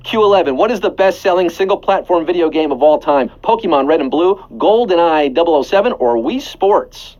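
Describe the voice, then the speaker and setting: A man's voice: fairly high pitch, animated, fairly quick, hardly any pauses, a little mellow, poor audio. A man hosting a live trivia game show, playful and jokey, breaking into song snippets between questions. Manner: playful, punning, sings snippets. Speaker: quiz show host.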